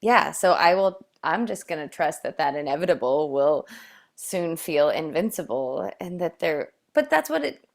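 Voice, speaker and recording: A woman's voice: low voice, lively intonation, moderate pace, vocal fry. A woman co-hosting a casual chat, rambling with many fillers and frequent laughs. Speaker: co-host.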